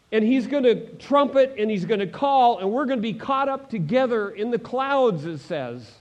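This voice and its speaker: A man preaching a sermon, swinging between loud proclamations and hushed moments, asking the congregation direct questions. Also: sits high, dull audio. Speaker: pastor.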